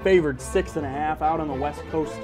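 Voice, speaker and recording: A man's voice: a little high, a little fast, over music. A man hosting a casual sports podcast, joking and teasing as he runs through game picks. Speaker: podcast host.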